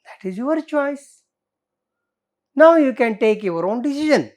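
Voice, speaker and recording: A woman's voice: high-pitched, animated, unhurried, a little mellow. A woman teacher with an Indian English accent explaining a play line by line in a literature lesson. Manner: explanatory, reads scenes aloud and comments.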